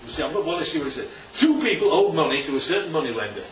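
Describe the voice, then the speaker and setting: A man's voice: fairly high pitch, very animated, fast, a bit bright, a little hiss or hum. A man preaching a sermon in a chatty way, often asking the room questions. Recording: echoey hall from far off, dull.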